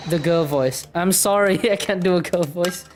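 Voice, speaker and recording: A man's voice: sits high, moderate pace, faint music behind. A man streaming a detective game, giving goofy, joking commentary and laughing often.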